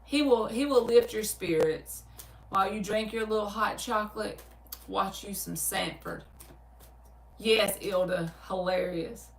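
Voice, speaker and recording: Speaking at medium pitch and an unhurried pace, this tarot reader with a Southern US accent runs a casual livestream, answering viewer comments she reads out, laughing easily and telling stories with animation. The mic is far off, giving a roomy sound.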